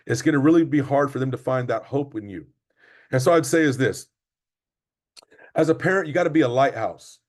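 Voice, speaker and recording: Middle-aged male coach, mid-pitch voice, emphatic and repetitive motivational delivery. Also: a little mellow. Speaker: basketball coach. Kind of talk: parent training presentation.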